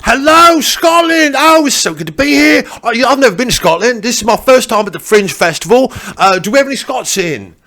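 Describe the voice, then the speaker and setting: A man's voice: very high voice, animated, brisk, few pauses, pushed and bright, pitched above the performer's own voice, full character voice. A man doing a bumbling Essex stand-up comic. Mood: eager. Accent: put-on English (Essex). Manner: rambling, stumbling, eager to please, keeps asking "right?". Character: hapless English male stand-up comic from Essex. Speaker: comedian. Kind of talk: character stand-up comedy.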